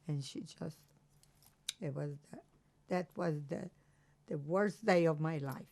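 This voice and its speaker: Older woman, slow gravelly testimony. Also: lowish voice, lively intonation, darkish tone. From Croatia. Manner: slow, halting recollection with restarts. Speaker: interviewee. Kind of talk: oral history testimony.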